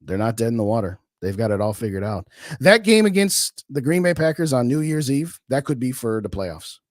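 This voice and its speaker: A man's voice: mid-range voice, very animated, brisk, no room sound, clean studio sound. A man hosting a sports podcast, chatting casually and answering viewer comments in an opinionated, colloquial way. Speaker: podcast host. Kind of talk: casual live-stream sports talk.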